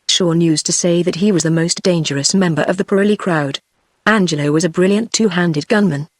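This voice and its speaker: A synthetic text-to-speech voice narrates a novel in a steady, evenly paced read, voicing every character the same way. The sound is dry and close, with no room around it. Pitch sits in a middle register. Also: no echo. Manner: even synthetic reading of dialogue and narration.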